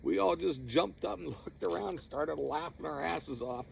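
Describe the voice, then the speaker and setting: Gravelly man telling spooky field stories. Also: unhurried, slight background noise. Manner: animated, laughing, rises high when retelling shouts. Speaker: paranormal group storyteller. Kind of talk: casual storytelling.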